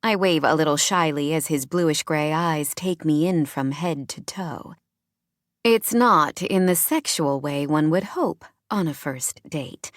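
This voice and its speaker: A woman's voice: sits low, unhurried, dry recording. Bubbly woman narrating a romance. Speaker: audiobook narrator. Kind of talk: first-person audiobook narration. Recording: dry close studio sound.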